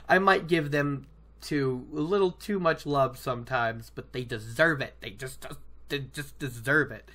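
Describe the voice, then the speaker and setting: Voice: medium pitch, fairly bright tone. A podcast host retelling a fantasy novel chapter in a casual, enthusiastic, rambling way, laughing often. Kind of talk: casual book-discussion podcast.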